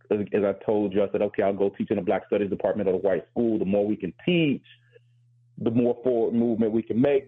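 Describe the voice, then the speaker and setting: A man's voice: medium pitch, breathy edge, phone-quality sound. A male professor hosting a talk show, speaking candidly and reflectively with frequent restarts. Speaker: host and professor.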